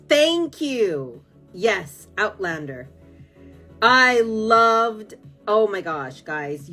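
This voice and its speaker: A woman's voice: medium pitch, a bit bright. A woman from California, chatting casually on a live stream, rambling and gushing with lots of fillers as she answers viewer comments.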